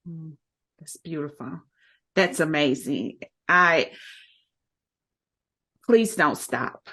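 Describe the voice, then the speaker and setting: A woman's voice: deep voice, drawn-out words. A woman hosting a podcast interview, affirming her guest and asking closing questions. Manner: warm, affirming, encouraging. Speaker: podcast host.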